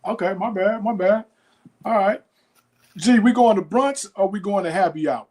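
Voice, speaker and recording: Laid-back podcast host, slightly high. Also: male voice, normal speed. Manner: relaxed, quizzing, says okay a lot. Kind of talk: casual podcast chat.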